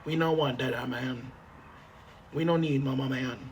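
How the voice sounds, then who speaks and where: A man's voice: medium pitch, fairly even intonation, moderate pace. Guy rambling to his chat on a phone stream, swears a lot, faint hiss behind him. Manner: rambling, repetitive, swears freely; talks straight to chat, half joking. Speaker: livestreamer asking viewers for help. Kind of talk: casual livestream chat. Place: motel room.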